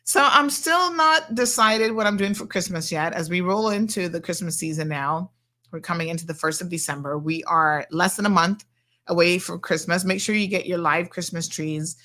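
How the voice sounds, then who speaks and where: A woman's voice: lowish voice, moderate pace, pushed and bright. Chatty woman hosting radio. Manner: chatty, playful, reads out listener messages. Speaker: radio show host. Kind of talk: casual chat with listeners. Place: radio studio.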